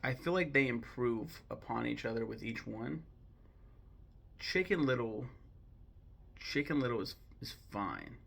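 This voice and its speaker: Young man, gravelly mid voice, casual opinionated film commentary, digressive. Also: mid-range voice, very animated, unhurried, pauses often, a bit bright. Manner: chatty, digressive, many ums and self-corrections. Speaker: host ranking films.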